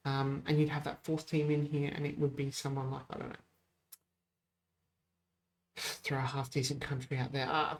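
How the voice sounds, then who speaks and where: A man's voice: mid-range voice, normal speed, long pauses, slight background noise. Chatty man commentating his game. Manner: chatty, rambling, self-correcting, excitable over goals. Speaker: gaming channel host. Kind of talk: casual let's-play commentary.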